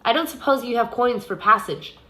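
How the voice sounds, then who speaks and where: Heard first is a raised, silky lilt, as a woman does a greedy, mocking gatekeeper of the dead in a storybook reading. The tone stays bright and edged, with sly amusement in every word. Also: a little high, lively intonation, fairly quick, pitched above the performer's own voice. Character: smooth, greedy male underworld gatekeeper, adult.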